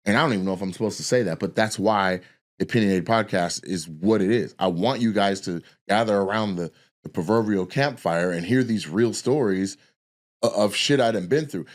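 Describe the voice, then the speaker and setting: Here a podcast host and comedian speaks in a fairly low, brisk voice. Casually, he spins a lengthy story full of profanity, staying animated while he rambles and keeps starting over.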